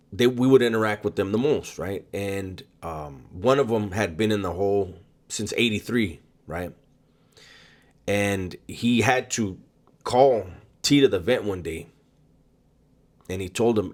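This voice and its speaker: A man with a fairly low voice tells a personal story in a casual, unhurried way. He stops often for ums and repeats himself mid-sentence. His delivery is conversational, as if he were talking to a friend. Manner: halting, with frequent ums and repeated words. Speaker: storyteller recounting prison experiences.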